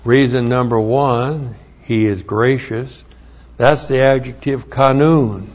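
A man preaching an expository Bible sermon, teaching slowly and deliberately with emphatic rises. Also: mid-range voice, steady tone, a little mellow. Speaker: pastor. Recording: dull lo-fi recording.

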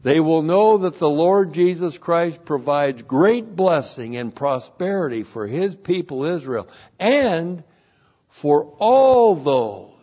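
A man teaching verse by verse through a Bible passage, slow and emphatic, repeating key phrases for weight. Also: on the high side, lively intonation, darkish tone, muffled recording.

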